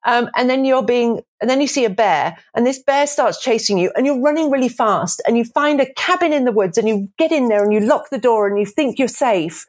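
A woman in her forties talking casually about parenting, animated and quick to laugh, acting out little voices. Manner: animated, acts out voices with big pitch jumps; laughs often. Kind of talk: casual conversational explanation.

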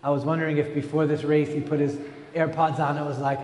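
A man preaching a lively sermon, joking and acting out little voices as he teaches from a verse. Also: on the high side, quick pace. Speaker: pastor. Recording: echoey hall, long reverb.

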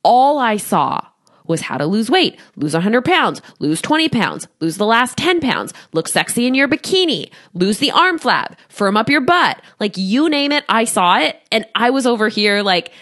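A woman in her thirties hosting a solo podcast as a coach, talking to a studio microphone, animated, often laughing and acting out quoted voices. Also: on the high side, normal speed.

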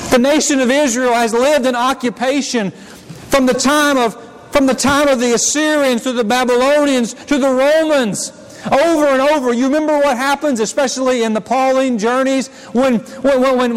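A man with a very high voice preaches to his congregation, speaking in a casual, conversational way and often doubling back on his words. His voice rings out with a long reverb, as though he is in a big church sanctuary. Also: normal speed. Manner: conversational preaching with frequent restarts and repetitions. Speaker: pastor. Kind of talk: sermon. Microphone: handheld or stand mic. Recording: long reverb of a large hall.

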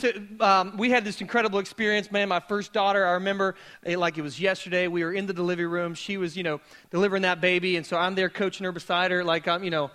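A man giving a casual, joking sermon to a live congregation, telling stories in an animated way. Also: high voice. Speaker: pastor. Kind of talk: conversational sermon with humor. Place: church hall before a live audience.

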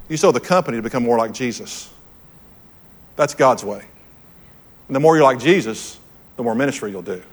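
A man preaching to a room, telling a personal story in an earnest, storytelling way and repeating his key phrases. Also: medium pitch. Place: church hall with audience.

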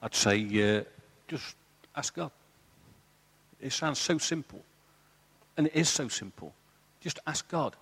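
A man's voice: mid-range voice, animated, slow pace, a bit bright, breathy edge, in a large hall. A man, earnestly sharing his faith and telling a story as a church panel guest. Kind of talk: live church testimony talk. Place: church hall.

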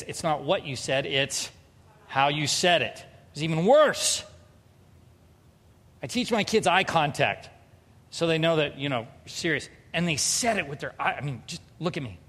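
A man's voice: on the high side, animated, normal speed, a bit bright. A pastor giving a humorous, confessional sermon, acting out bits of dialogue as he tells a personal story. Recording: long hall reverb.

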